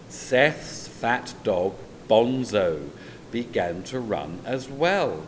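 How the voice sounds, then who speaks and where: Very slow, expressive male storyteller. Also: fairly low pitch, slight background noise. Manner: expressive, drawn-out read-aloud delivery. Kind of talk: children's story reading.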